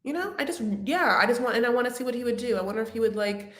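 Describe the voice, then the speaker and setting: A woman's voice: on the high side, animated, racing, a bit bright, echoey room. A woman hosting a reality TV recap livestream, talking casually in a rambling, chatty way full of fillers and restarts. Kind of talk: casual chat.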